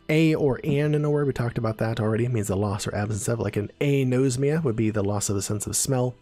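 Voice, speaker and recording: A man's voice: mid-range voice, fairly quick, warm tone, faint music behind. A man giving a casual live-stream neuroscience lesson, explaining terms and checking in with viewers as he goes. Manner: chatty, explains terms with frequent "right?" and "okay?" check-ins.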